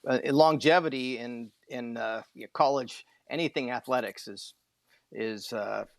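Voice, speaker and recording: A man's voice: medium pitch, a little slow, vocal fry, no echo. A man co-hosting a sports podcast, chatting casually in a rambling way with folksy joking asides.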